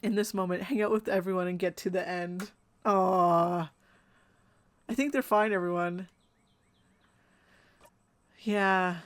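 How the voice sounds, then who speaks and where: A woman's voice: mid-range voice, steady tone, moderate pace, long pauses, smooth. A woman streaming a story game, reading its dialogue and narration aloud expressively and reacting with her own comments. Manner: reads dialogue expressively, reacting between lines.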